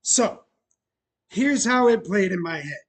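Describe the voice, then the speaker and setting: A man's voice: high-pitched, expressive, slow, breathy edge. A man hosting a casual show about opening his bar, chatty and self-mocking, laughing often. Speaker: bar owner and show host. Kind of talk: casual chat.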